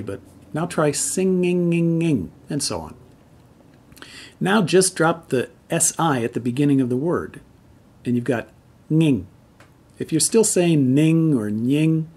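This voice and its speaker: A man with a husky, slightly breathy voice at an ordinary pitch, teaching pronunciation. He talks patiently, stops to sound out examples slowly and repeats them so learners can copy. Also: a little mellow. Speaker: language teacher. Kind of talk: explaining pronunciation to camera.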